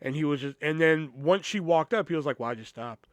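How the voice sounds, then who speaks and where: A man's voice: on the high side, brisk, dry recording. A man hosting a podcast, telling a story in a casual, profane, rambling way with lots of "you know". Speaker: podcast host.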